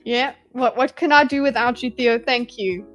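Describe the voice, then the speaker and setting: Woman, livestream host, casual sarcastic reaction talk, slightly high pitch, faint music behind. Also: moderate pace, a bit bright, rough recording. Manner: sarcastic, rambling, chats with viewers.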